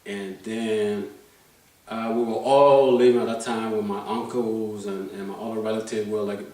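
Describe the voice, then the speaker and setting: A man's voice: lowish voice, steady tone, moderate pace, a little mellow. A man in his fifties talks casually about his life, circling back, restarting sentences and tagging questions onto the end of his thoughts. He sits well away from the microphone. The room around him rings with heavy echo. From Liberia. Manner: rambling, many restarts, keeps asking "you know what I'm saying". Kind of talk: casual life-story telling. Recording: very echoey room, mic far off.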